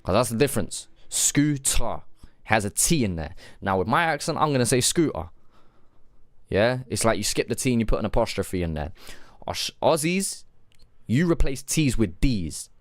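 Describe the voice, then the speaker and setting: A man streaming live, giving blunt, casual reactions to a track, swearing freely and thinking out loud. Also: mid-range voice, very animated, fairly quick, no room sound, studio quality.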